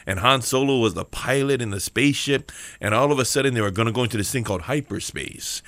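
A man's voice: mid-range voice, fast talker, a bit bright, dry recording. A man with a Hawaiian accent giving a casual, joking sermon as host, chatty and playful. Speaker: church devotional host.

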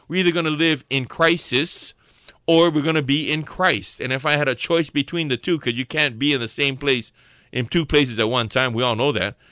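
A man preaching an informal devotional sermon, earnest and repeating key lines slowly for emphasis. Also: mid-range voice, sharp tone, clear, resonant tone, no echo, studio quality.

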